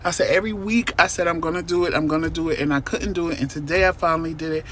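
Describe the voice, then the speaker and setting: A man's voice: fairly high pitch, rapid-fire, a little hiss or hum. A man telling a personal story to his viewers in a casual, emphatic vlog from a parked car. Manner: animated, emphatic, talks to viewers directly. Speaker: vlogger.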